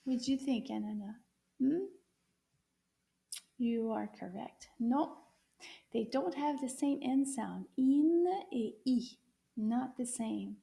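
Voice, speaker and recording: A woman teaching a children's lesson, speaking slowly in a sing-song voice to young viewers. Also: on the high side, vocal fry, warm tone. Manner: slow, sing-song teacher voice, drawn-out questions.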